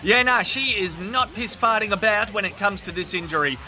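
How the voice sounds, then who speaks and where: A man's voice: high voice, normal speed, hardly any pauses, pushed and bright. Cheeky, sweary Australian voiceover man. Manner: cheeky, sweary, mock-dramatic. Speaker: comedy voiceover narrator. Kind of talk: comic nature-documentary voiceover.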